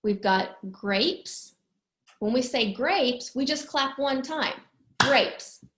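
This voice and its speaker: Woman teacher, slow and patient, sing-song, for small children, echoey room. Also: sits high, animated, fairly bright tone. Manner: patient, sing-song, drawn-out clapped words. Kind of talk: slow, clear lesson for young children.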